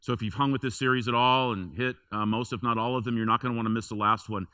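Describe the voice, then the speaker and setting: A man's voice: medium pitch, fairly even intonation, fast, pushed and bright, clean tone, no room sound. A man preaching a sermon in a church, telling a personal story in a conversational way with emphatic repetition. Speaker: pastor.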